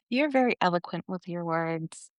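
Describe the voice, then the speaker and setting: A woman's voice: lowish voice, expressive, unhurried, dry recording. A woman co-hosting a podcast in casual chat, blunt and profane, often laughing. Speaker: podcast co-host.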